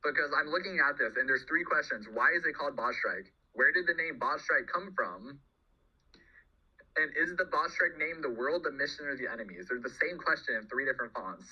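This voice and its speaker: A man's voice: on the high side, expressive, a little fast, sharp tone, husky, lo-fi sound. A man, a game developer, hosting a casual Q&A. He rambles, restarts his sentences and laughs often.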